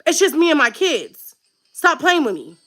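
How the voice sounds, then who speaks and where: A woman in her thirties ranting to camera as a vlogger, angry and tearful, shouting at times. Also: sits high, very animated, moderate pace. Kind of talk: emotional rant to camera.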